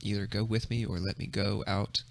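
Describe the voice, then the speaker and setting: Gravelly laid-back Southern man. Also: fairly low pitch, level tone, moderate pace, no room sound. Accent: Southern American. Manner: laid-back, laughs often, trails off. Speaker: podcast co-host. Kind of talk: casual chat.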